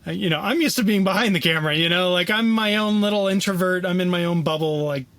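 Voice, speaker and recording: A young man telling a story as a podcast guest, animated and casual, filling his talk with "like" and "you know.". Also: high-pitched, fast, no room sound.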